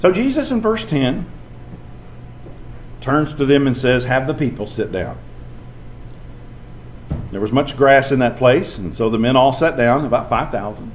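A man's voice: medium pitch, a little slow, long pauses, roomy sound, a little hiss or hum. A male preacher telling stories in a sermon, acting out the people he quotes. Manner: storytelling, animated, acts out quoted voices.

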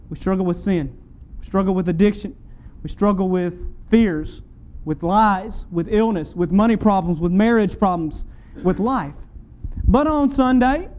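A high-pitched man delivers a sermon to his congregation. He builds his points through rhetorical questions and lists of repeated phrases. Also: darkish tone, low-quality recording. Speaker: preacher.

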